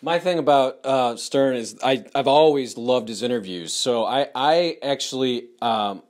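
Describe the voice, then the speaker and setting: A man's voice: medium pitch, measured pace. Stammering male interview host. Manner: hesitant, stammering, friendly. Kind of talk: casual interview chat.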